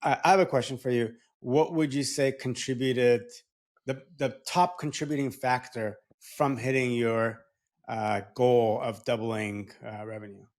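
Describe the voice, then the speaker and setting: A man of middle pitch asks his guest a question as a podcast host. He starts haltingly and repeats words as he goes. His delivery stays casual and conversational. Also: steady tone, a little mellow. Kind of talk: interview questions.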